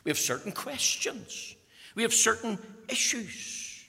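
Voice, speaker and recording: A man preaching with passion, his voice gravelly and lively as it rises and falls. He drops to near-whispers and then swells again. A long reverb hangs behind him, as in a large church. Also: high-pitched, takes it slowly. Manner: impassioned, swinging from hushed to loud, repeating words when emphatic. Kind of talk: sermon.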